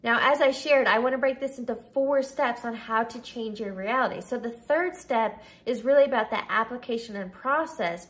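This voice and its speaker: A woman in her thirties with a slightly high voice coaches her viewers. She speaks emphatically, stressing each word as she lists them one after another. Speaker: life coach and podcast host. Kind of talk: motivational video talk to camera.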